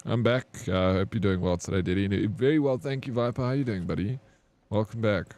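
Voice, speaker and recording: A young South African man with a fairly low voice and a South African accent. He chats frankly and casually with his viewers during a game stream, swearing now and then and laughing easily. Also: fairly quick, a little mellow, no room sound.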